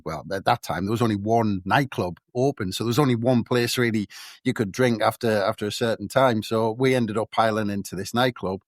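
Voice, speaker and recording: A man's voice: lowish voice, no echo, studio quality. A man from the North East of England with a Sunderland accent, telling stories as a podcast co-host in casual chat. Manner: animated anecdote teller, acts out voices.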